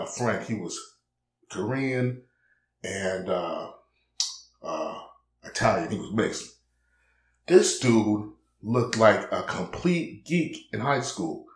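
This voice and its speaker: A man's voice: mid-range voice, roomy sound. A man in a blunt, preachy casual monologue, peppering his talk with "man" and acting out quoted conversations. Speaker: vlogger.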